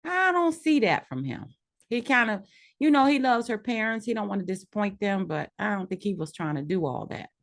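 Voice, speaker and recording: A woman's voice: mid-range voice, big pitch swings, brisk. A woman co-hosting a casual chat recapping reality TV, frank and opinionated with a dry edge. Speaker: podcast co-host.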